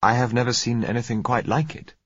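A man voicing a cautious managing director in an audiobook, speaking in a brisk, businesslike way. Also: medium pitch, little pitch movement, a bit bright, slightly rough, no echo, dull audio, pitched above the performer's own voice.

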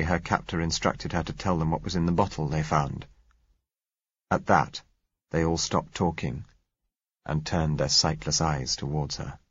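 A man reading first-person narration aloud in a measured, even storytelling manner. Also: sits low, husky, dry recording, dull audio. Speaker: audiobook narrator.

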